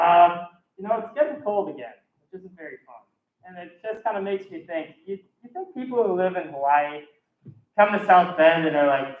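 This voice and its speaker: A young man hosting a comedy show, filling time between acts with quick one-liners. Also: high-pitched, animated. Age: young adult. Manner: quick one-liners, loud act introductions. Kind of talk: emcee banter between acts. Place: live comedy stage. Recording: echoey muffled room recording from far off, noisy.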